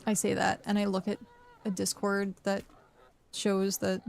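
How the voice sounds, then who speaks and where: Young adult woman, game streamer, tired and rambling casual chat, gravelly fry in a mid-height voice. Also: medium pitch, completely flat delivery, a little slow. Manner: rambling, talks to herself and chat. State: tired, yawning. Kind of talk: casual live-stream chat while playing.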